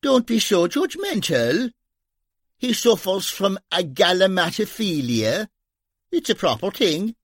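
A man's voice: high-pitched, sing-song, slow pace, no room sound, voice pushed up, exaggerated voice. A man with an Irish accent voicing a wry, teasing Dublin police officer who talks in dry, sardonic banter.

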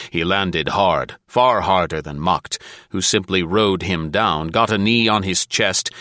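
A man narrating an audiobook in a steady, measured reading voice. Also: deep voice, no room sound, clean studio sound.

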